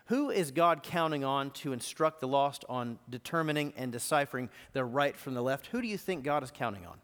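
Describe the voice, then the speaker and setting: A man's voice: medium pitch, animated, fairly quick, hardly any pauses, fairly bright tone. A man and lead teaching pastor giving a live sermon, asking the congregation emphatic rhetorical questions. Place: church auditorium. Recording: long reverb in a live hall.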